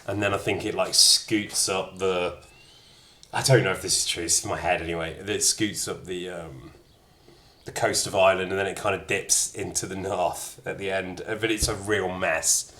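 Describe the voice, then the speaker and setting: A man's voice: low-pitched, fairly even intonation, moderate pace, sharp tone. A man streaming a game and chatting casually, self-mocking and swearing freely. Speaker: streamer and voice actor. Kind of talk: let's-play commentary.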